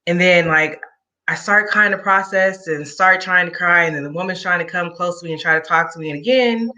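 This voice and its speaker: Bright-toned woman telling a candid story. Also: fairly low pitch, fairly quick, lo-fi sound. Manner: candid, conversational, wry asides. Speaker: guest sharing a personal story. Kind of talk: personal storytelling in an interview.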